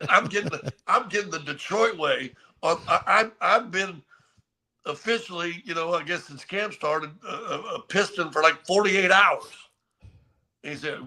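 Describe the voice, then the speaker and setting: An older man co-hosting a casual sports talk show, telling stories in an animated way and often repeating his words as he starts a sentence. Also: sits high, normal speed. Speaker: co-host.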